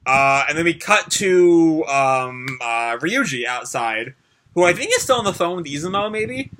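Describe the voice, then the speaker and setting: A man giving a casual live recap of a manga chapter, reading the dialogue aloud as he goes. His voice is very bright and a little high. He talks chattily, with plenty of "uh" and "like" and side comments. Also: very animated, a little slow. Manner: recaps chattily with many fillers and asides; reads character dialogue aloud. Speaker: manga reaction host.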